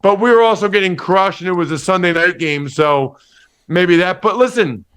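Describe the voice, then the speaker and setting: A man with a noticeably high voice talks football on a radio show. He sounds lively and teasing, always quick to poke fun at the hosts, and he never lets the banter drop. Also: clear, resonant tone. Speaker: football podcast host and analyst, guest. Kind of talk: casual radio interview banter.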